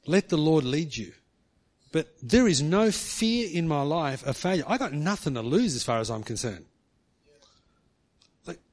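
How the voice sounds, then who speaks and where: A middle-aged man preaching, telling a personal story in a chatty way and ending remarks with "hey". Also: on the high side. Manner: chatty, tag questions with "hey". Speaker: pastor. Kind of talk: sermon storytelling.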